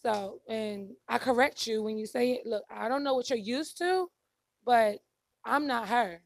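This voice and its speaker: A woman's voice: fairly high pitch, measured pace, vocal fry, dry recording. A woman on a discussion panel speaking firmly and with assurance about her standards. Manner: firm and self-assured, states her standards. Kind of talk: casual panel debate.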